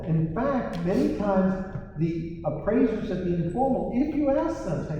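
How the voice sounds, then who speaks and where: A man presenting a property tax seminar to a live audience, animated and wry, acting out the exchanges he describes. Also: high voice, moderate pace, slight background noise. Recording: echoey hall from far off, dull sound.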